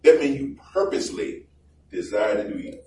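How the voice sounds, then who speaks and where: A man's voice: medium pitch, expressive, brisk, a little mellow. A man preaching from the pulpit, loose and conversational, slipping into small acted voices to make his points. His voice reaches the mic from some way off, bouncing around a roomy church with a faint hum underneath. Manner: conversational and joking, acts out little voices. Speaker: pastor. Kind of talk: sermon. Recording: roomy, distant mic with faint background noise.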